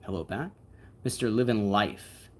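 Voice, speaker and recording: A relaxed man hosts a livestream and chats loosely with his viewers. His voice sits a little low, and he rambles along with plenty of fillers and asides. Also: unhurried. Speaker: livestream host. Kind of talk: casual livestream chat, answering viewer comments.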